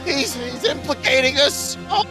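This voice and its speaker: A man's voice: extremely high pitch, expressive, a little slow. A man voicing a nervous teenage sidekick who stammers and whines anxiously, with music behind.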